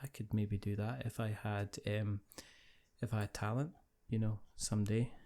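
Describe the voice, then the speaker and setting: A man's voice: on the low side, little pitch movement, normal speed, dark tone. A man hosting a podcast in casual chat over a meal, rambling and laughing often. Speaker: podcast host.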